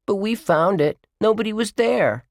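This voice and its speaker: Man voicing a tiny, shrill, cheeky twin in a storybook. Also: normal speed, gravelly, no room sound, studio quality. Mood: excited. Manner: excited, shouting. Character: small cheeky boy twin.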